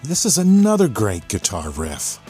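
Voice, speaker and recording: A man's voice: fairly low pitch, huge pitch swings, moderate pace, over loud music. A man hosting a podcast, enthusiastically explaining a song section by section. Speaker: podcast host. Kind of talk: song breakdown commentary. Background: the song playing underneath.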